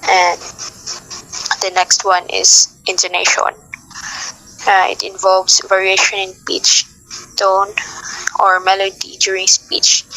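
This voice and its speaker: A young woman teaching a class, reading her notes at a steady pace with frequent filler sounds. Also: mid-range voice, poor audio.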